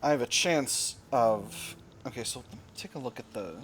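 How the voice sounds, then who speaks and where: A man's voice: mid-range voice, animated, normal speed, a bit bright, a little hiss or hum. A man commenting on a strategy game he is playing, thinking aloud with dry, wry asides. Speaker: gaming video host.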